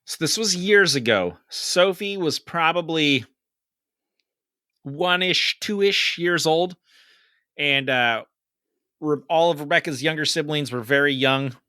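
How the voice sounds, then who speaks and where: Animated swearing man telling a story. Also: a little high, takes it slowly, long pauses, dry recording, studio quality. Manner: animated, swearing, gets loud in quoted lines. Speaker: podcast co-host. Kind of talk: casual storytelling chat.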